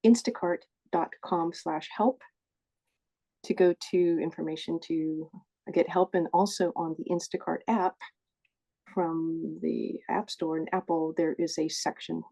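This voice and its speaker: Her voice is low, flat, unhurried, creaky and mellow as she runs a support group session by video call. She keeps things chatty, repeatedly fixing her wording and apologizing, using earbuds with a phone.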